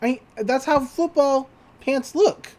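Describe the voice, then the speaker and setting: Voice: high voice, slow pace, darkish tone. Rambling, profane podcast co-host. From Texas. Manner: rambling, profane, laughs often. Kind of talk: casual episode recap.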